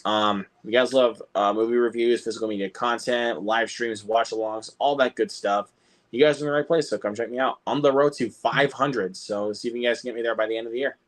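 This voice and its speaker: A man's voice: medium pitch, fairly even intonation, fairly quick. A young American man co-hosting a film livestream, talking casually and rambling, with many restarts. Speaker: livestream co-host, film reviewer.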